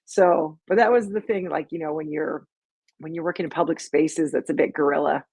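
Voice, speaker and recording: A woman's voice: sits low, steady tone, a little fast, gravelly, darkish tone, slightly rough, dry recording. A middle-aged woman hosting a casual live stream about her sketch comedy, telling stories in a chatty, rambling way with lots of fillers. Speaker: sketch comedy creator and host.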